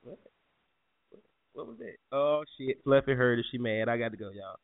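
A man's voice: mid-range voice, a little fast, no room sound. A man hosting a casual morning podcast, trading profane, joking banter. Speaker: podcast host. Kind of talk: casual chat. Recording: phone-like narrow sound.

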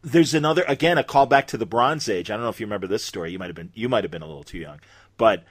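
A man's voice: fairly low pitch, very fast, no echo. A man hosting a casual podcast chat, talking with eager, chatty enthusiasm. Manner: chatty, enthusiastic fan talk. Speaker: podcast host.

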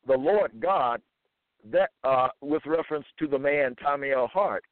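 Man, slow deliberate scripture lecture, phone-like audio, dry sound. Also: medium pitch, no room sound. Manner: slow, deliberate, quotes verses with emphasis. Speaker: religious teacher.

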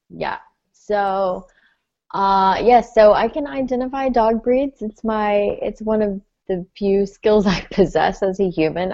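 A woman's voice: medium pitch, a little mellow, no room sound, dull audio. A woman co-hosting a podcast in casual chat, talking animatedly with giggles and playful bragging. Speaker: podcast co-host.

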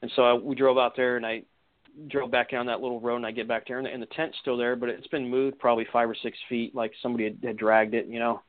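A man's voice: medium pitch, flat delivery, fast talker. A man recounting an encounter as a guest on a radio interview, rambling with many restarts and "you know"s. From Washington state. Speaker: eyewitness guest. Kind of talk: casual storytelling interview. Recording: tinny phone line.

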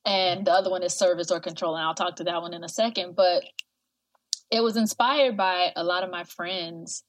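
A woman in her fifties, a wellness coach guest on a podcast, talking in an animated way, laughing often and acting out prissy voices. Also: lowish voice, moderate pace. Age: 50s. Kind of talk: casual interview chat.

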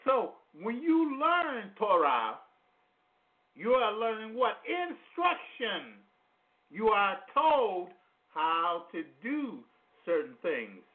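Man preaching, high lively voice, slow drawn-out delivery, repeats phrases, casual grammar, phone-line sound. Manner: drawn-out, repeats phrases for emphasis, asks listeners questions. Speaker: radio preacher. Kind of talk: slow sermon teaching on scripture. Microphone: phone call-in to internet radio. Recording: tinny phone-line audio.

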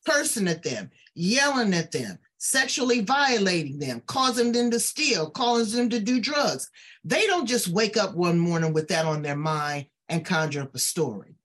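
Blunt, husky woman host lecturing. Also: fairly low pitch, expressive, normal speed, a bit bright. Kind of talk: preachy direct address.

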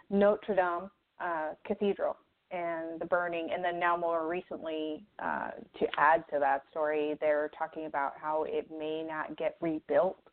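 A woman co-hosts a casual news talk show, working through her thoughts with many pauses and fillers. Her voice sits low for a woman and sounds tinny, like a phone line. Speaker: co-host.

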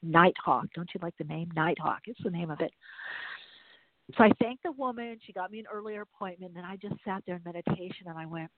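A woman's voice: on the low side, a little fast, no echo. A woman hosting a podcast in a casual, chatty way, rambling through everyday stories. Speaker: podcast host. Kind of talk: casual chat. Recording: tinny phone-like dry sound.

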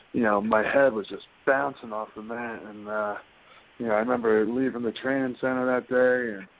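A man speaks down a narrow, phone-like line, with a faint hiss beneath his voice. He tells his stories loosely and rambles, stacking fillers like "you know" and "like". His pitch sits in an ordinary middle range. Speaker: guest wrestler. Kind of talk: casual interview storytelling.

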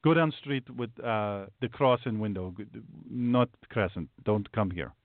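A gruff male baker speaks choppy broken English, dropping into a low, clipped register, as a man acts him out. He turns a customer away in short, flat lines. The sound is tinny and dry, like a phone line. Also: moderate pace, no echo, close to an everyday voice. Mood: dismissive. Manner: broken English, curt refusals.

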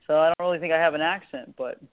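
A woman's voice: sits low, rapid-fire, no room sound. A middle-aged woman with a light Southern, Texas-drawl accent, chatting as a guest and telling rambling stories. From Southern United States. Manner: chatty, laughing, rambling storyteller. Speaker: guest, talk show host and life coach. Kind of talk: casual interview chat. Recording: tinny phone line.

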